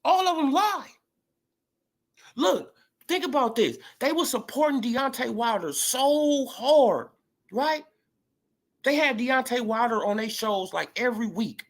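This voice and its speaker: A woman's voice: a little high, measured pace. A woman ranting heatedly in a sports commentary vlog, swearing freely and calling people out. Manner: profane, heated, animated.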